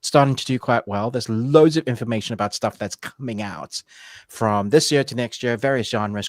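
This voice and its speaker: A man's voice: fairly low pitch, no room sound, clean studio sound. A man co-hosting a review livestream, talking casually in an easygoing, rambling way. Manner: easygoing, rambling housekeeping announcements. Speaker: co-host of a film and anime review show.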